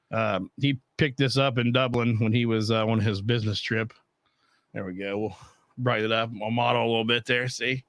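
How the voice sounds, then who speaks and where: A man's voice: mid-range voice, fairly bright tone, no room sound. A middle-aged man hosting a casual home podcast, talking bluntly with a lot of profanity and rambling asides. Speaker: podcast host. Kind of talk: casual chat.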